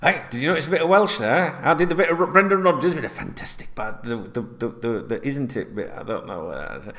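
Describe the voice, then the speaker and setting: A man's voice: medium pitch, expressive, a little fast, fairly bright tone. A middle-aged man, chatting casually as a football fan host, rambling and swearing freely.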